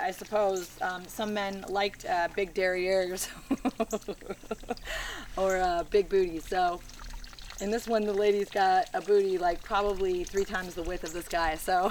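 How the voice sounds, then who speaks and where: A woman's voice: mid-range voice, a little hiss or hum. A woman, chatting casually and giggling as she reads old postcards aloud in her vlog. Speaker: vlogger.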